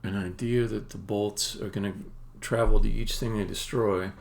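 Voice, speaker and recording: A man's voice: lowish voice, fairly even intonation, normal speed, creaky. A man who develops games, thinking aloud to himself while he live-codes and often trailing off mid-thought. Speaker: game developer streaming live coding.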